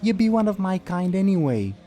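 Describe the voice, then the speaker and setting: A man's voice: high voice, big pitch swings, brisk, warm tone, soft background music, pitched above the performer's own voice. A man voicing a mischievous little male raptor spirit who cackles and speaks in broken, playful phrases. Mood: gleeful.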